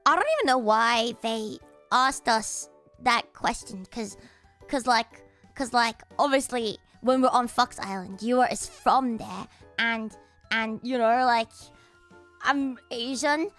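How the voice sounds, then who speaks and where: A young woman streaming, telling stories in a chatty, animated way and laughing loudly and often. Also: fairly high pitch, slow, faint music behind. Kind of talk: casual chat stream.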